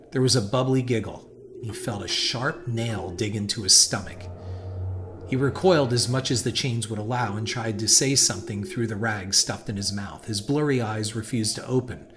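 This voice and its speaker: A man with a fairly low voice narrates a horror story in a measured, dramatic way. A steady hiss of background noise runs under the recording. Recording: noisy hiss behind voice.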